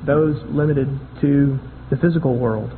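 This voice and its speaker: A man's voice: mid-range voice, a little slow, a little hiss or hum. A man preaching a sermon in a conversational way, often repeating and restarting words. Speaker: pastor. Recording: tinny phone-like sound with long hall echo.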